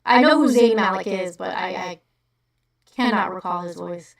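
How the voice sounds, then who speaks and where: A New Jersey woman with a local accent hosts a livestream, rambling, cursing and laughing easily in casual chat. Her voice is low-ish and gravelly, picked up far from the mic in an echoey room.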